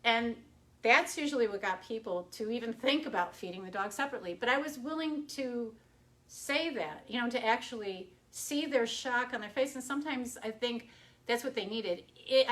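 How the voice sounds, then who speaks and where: A woman's voice: a little high, normal speed, fairly bright tone. Middle-aged woman vet, direct talk. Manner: direct, anecdotal, occasional fillers and restarts. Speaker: veterinarian. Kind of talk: casual live-stream talk. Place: home or office, streaming live.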